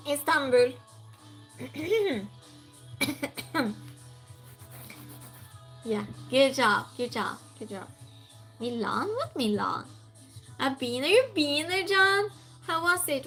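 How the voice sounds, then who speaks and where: High-voiced, unhurried woman streamer. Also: fairly bright tone, low-quality recording. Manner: chatty, reads chat aloud and answers viewers. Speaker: streamer hosting a trivia game. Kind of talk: casual live-stream chat.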